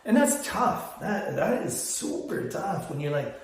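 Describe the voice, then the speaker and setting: A man's voice: fairly high pitch, sing-song, unhurried. Rambling older man in an echoey room. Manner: rambling, storytelling with many restarts. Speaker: photography business vlogger. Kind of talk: casual vlog monologue.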